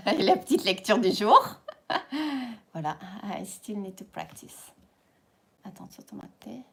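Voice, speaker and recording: A woman with a French accent chatting casually on a livestream, reading a form aloud with playful asides and frequent laughter. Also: mid-range voice. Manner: reads forms aloud with playful asides, slips into French interjections, laughs often. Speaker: YouTuber.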